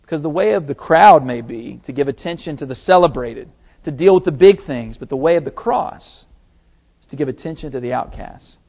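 Male pastor mid-sermon, slightly high voice, lively retelling, thin narrow-band recording. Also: fairly quick. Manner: animated storytelling, acting out quotes. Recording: tinny phone-like sermon recording.

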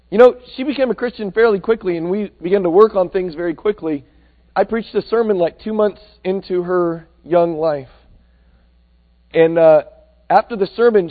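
A man preaching a sermon that is full of stories, animated, swinging between loud and hushed. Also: high-pitched. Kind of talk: sermon with storytelling. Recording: tinny phone-like sound.

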